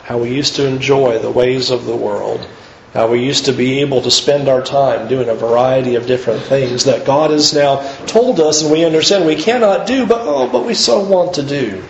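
A man preaching a sermon in an earnest, emphatic way, pushing his pitch up to stress his points. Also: normal speed, gravelly, reverberant, highs cut off, a little hiss or hum.

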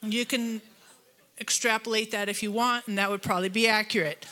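A woman preaching a church sermon, telling stories with lively, self-deprecating humor. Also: fairly high pitch, a little fast. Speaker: guest preacher. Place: church auditorium.

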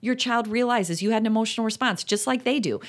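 A middle-aged woman co-hosting a parenting talk, speaking emphatically and jumping up in pitch on key points. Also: fast. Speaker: podcast co-host, parenting author. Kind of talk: casual conversational chat.

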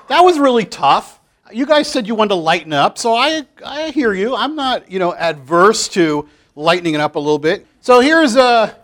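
A high-voiced man leads a group in casual, animated talk, scattering "like" through his sentences. He jumps between easy joking and earnest points, always chatty. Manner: animated, chatty, with many filler "like"s. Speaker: Bible study group leader. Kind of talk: casual group talk, reading comics aloud.

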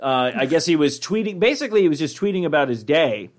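A man's voice: on the high side, animated, fast talker. A man hosting a podcast in a casual chat, rambling and laid-back, swearing often. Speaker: podcast host.

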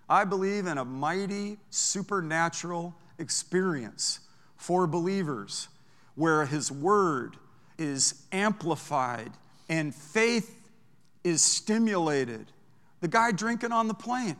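High, bright pastor preaching in a big hall. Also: male voice, slow pace. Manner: animated, anecdotal, swings from hushed to loud. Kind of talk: storytelling sermon. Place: large church sanctuary. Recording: long church hall reverb.

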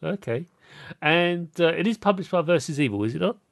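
A man's voice: fairly high pitch, lively intonation, a little fast, gravelly, dry recording, clean studio sound. A man hosting a podcast interview, chatting casually and animatedly, often laughing and acting out quoted voices. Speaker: podcast host.

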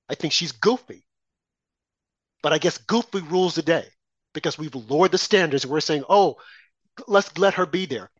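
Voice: mid-range voice, a bit bright, no echo. Heated opinion guest who mocks opponents, recorded dry and a bit dull. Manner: indignant, rhetorical questions, mocking impressions. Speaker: political commentator guest. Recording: dry, slightly dull lo-fi sound.

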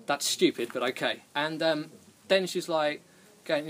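A man's voice: on the high side, moderate pace, a bit bright. A man hosting a podcast, telling a rambling, self-deprecating story in casual chat and laughing often. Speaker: podcast host.

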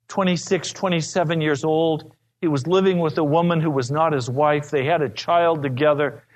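Pastor guy preaching, fairly high voice, earnest, tells stories as he goes. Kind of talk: sermon.

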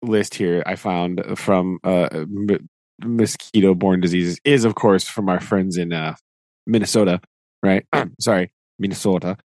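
A man's voice: low-pitched, steady tone, unhurried, darkish tone, dry recording. A man co-hosting a casual podcast chat, playful and full of mock-dramatic groans. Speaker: podcast co-host.

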